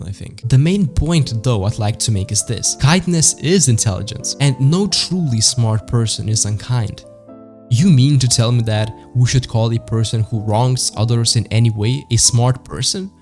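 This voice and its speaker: A man's voice: medium pitch, a little mellow. A man hosting a reflective video essay, arguing his case and asking his listeners rhetorical questions. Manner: argumentative, asks rhetorical questions. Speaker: channel host. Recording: faint music behind.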